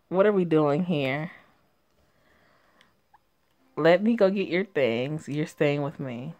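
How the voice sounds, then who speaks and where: A woman reading a story game aloud and reacting to it in a sassy, profane way that is quick to laugh. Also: sits low, lively intonation.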